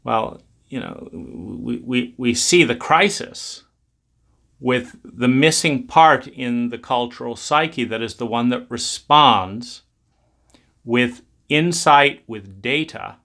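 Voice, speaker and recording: A man's voice: mid-range voice, slow pace, creaky, bright, forceful tone. A man giving a reflective spoken talk, rambling with many restarts.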